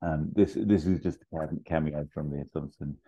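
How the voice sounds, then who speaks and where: A male podcast host pitching a film in a loose, rambling way, full of fillers and restarts. His voice is very deep and dark. The recording is dull and lo-fi. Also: normal speed, slightly rough. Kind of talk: casual comedic pitch.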